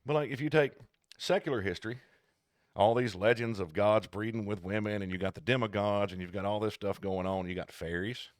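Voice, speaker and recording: A man co-hosting a casual podcast chat, talking in an animated, digressive, jokey way. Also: on the low side, brisk, dry recording, clean studio sound. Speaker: podcast co-host.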